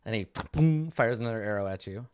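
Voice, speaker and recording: A man's voice: on the low side, expressive, fast, crowd noise. A man running a tabletop game as game master, narrating the action and rolling for monsters.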